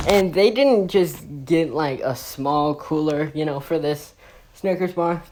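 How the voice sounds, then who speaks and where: Low, slow, foul-mouthed woman storyteller. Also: darkish tone, slight background noise. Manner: rambling, profane, many fillers like "like". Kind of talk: casual improvised fan storytelling.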